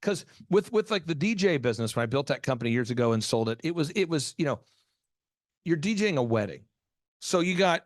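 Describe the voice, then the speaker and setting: Brief: host of a business show, a man with a higher voice that swings widely, emphatic storyteller. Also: no echo, studio quality. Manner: animated storytelling, emphatic asides. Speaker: podcast host. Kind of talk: business podcast talk.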